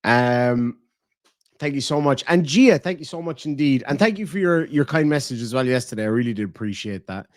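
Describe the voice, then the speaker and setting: A man's voice: mid-range voice, brisk, no room sound, studio quality. Blunt, swearing Irish man streaming. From Ireland. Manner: blunt and profane, animated swings in loudness. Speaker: livestream host. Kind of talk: casual livestream chat reading donations.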